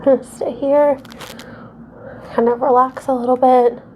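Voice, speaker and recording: A woman with a somewhat high voice leads a casual yoga class at home, slowly calling out poses. She is out of breath and sighs between her cues, chatting in a self-deprecating way. A faint hum sits behind her. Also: level tone, warm tone. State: out of breath and sweaty. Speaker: yoga instructor.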